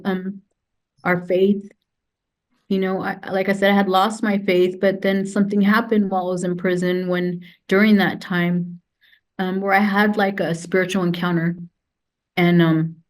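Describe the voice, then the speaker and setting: Tearful woman with a low voice. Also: darkish tone. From United States. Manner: halting, with many restarts and fillers. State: tearful, close to crying. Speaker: podcast guest. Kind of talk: emotional personal testimony.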